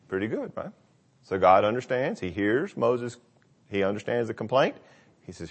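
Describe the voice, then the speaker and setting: A man's voice: on the low side, normal speed, creaky, pauses often. A man preaching a conversational sermon, telling a scripture story with personal anecdotes and acting out the quotes. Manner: conversational, animated when quoting.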